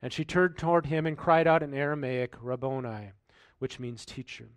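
A male pastor giving a sermon, reading scripture aloud and then commenting in a relaxed, conversational way with rhetorical questions. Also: mid-range voice, normal speed, no echo.

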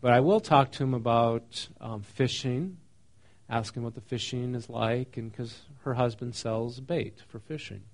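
Male pastor, middle pitch, casual sermon delivery with frequent questions to the congregation. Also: measured pace. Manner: conversational, asks the congregation questions; reads scripture then explains it casually.

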